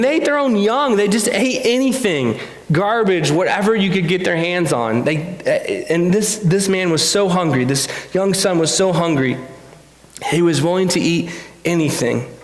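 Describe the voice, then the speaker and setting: A man's voice: high voice, roomy sound. A man preaching a conversational sermon in a church, earnest and confessional, often restarting his sentences.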